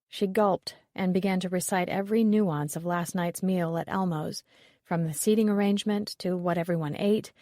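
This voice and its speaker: A woman reading a mystery novel aloud as an audiobook narrator, in an even, steady manner. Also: fairly low pitch, dry recording, studio quality. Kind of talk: scripted narration.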